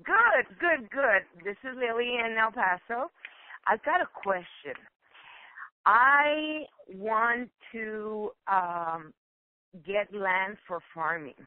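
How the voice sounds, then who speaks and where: A woman calling into a conference call, earnest and emotional, talking in halting bursts with fillers. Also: mid-range voice, lively intonation. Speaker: caller. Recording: tinny phone line.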